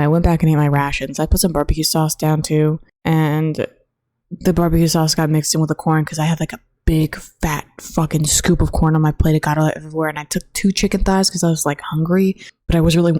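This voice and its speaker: A young woman hosting a casual solo podcast into her own microphone, rambling, swearing and sounding flatly bored. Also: low voice, quick pace, no echo. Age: young adult. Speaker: college student podcast host. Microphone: own desk microphone.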